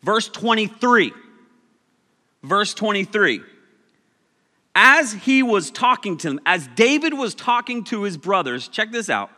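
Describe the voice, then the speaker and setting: A man's voice: high-pitched, big pitch swings, unhurried, pauses often, pushed and bright, big-room sound. A man preaching a casual, joking sermon, telling stories with animation.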